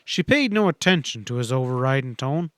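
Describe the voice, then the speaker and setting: A man narrating a western audiobook in a steady, measured reading. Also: medium pitch, clean tone, no room sound, clean studio sound.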